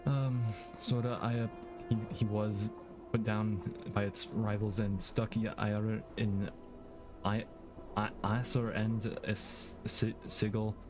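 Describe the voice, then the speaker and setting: A man's voice: fairly low pitch, little pitch movement, over music. A man streaming a game, talking casually with many halts, restarts and fillers. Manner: halting, stammering, lots of fillers.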